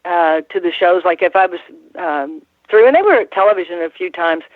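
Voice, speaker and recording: A woman's voice: lowish voice, lively intonation, a little fast, no echo. Woman in her sixties on a tinny phone line. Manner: rambling, restarts often, laughs while telling stories. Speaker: guest, former wrestling ring announcer. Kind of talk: casual interview storytelling. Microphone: phone call.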